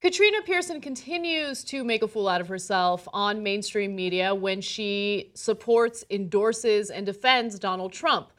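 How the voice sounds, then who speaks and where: A woman's voice: mid-range voice, measured pace, hardly any pauses, fairly bright tone. A woman co-hosting a casual political commentary show, speaking conversationally and reading posts aloud with a sarcastic lilt. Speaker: co-host.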